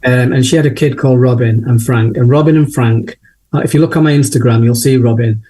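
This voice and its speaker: A man's voice: medium pitch, steady tone, quick pace, warm tone. A man with a Yorkshire accent, a photographer chatting casually and a bit ramblingly as an interview guest. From Northern England. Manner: chatty, rambling, laughs easily.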